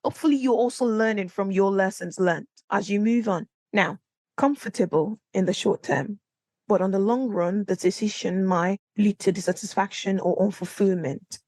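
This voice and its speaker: Brief: woman podcast host, solo, chatty storyteller who acts out quotes with big pitch jumps, dry close mic. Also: normal speed, darkish tone, no echo. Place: indoor room, recording at home setup.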